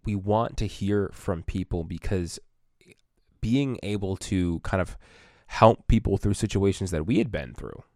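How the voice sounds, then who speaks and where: A man with a very deep voice co-hosts a laid-back podcast. He rambles through his points with lots of fillers and backs up his partner. The recording is dry and close. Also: measured pace, warm tone, dry recording. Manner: rambling, filler-heavy, supportive. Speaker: podcast co-host. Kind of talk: casual chat.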